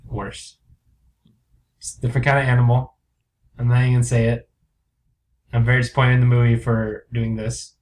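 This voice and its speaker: A young man co-hosting a comedy podcast, chatting casually with sarcastic, deadpan asides. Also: medium pitch, fairly quick, long pauses. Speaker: podcast co-host.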